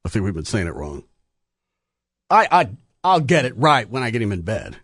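A man's voice: lowish voice, normal speed, husky, no room sound. A middle-aged man hosting a radio show from the studio, telling joking stories in casual chat. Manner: animated, joking storyteller.

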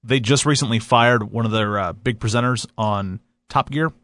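A man explains a news story in a matter-of-fact way. His voice is mid-pitched and dry. He keeps the tone plain. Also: normal speed, a bit bright, no echo. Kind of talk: explaining on radio.

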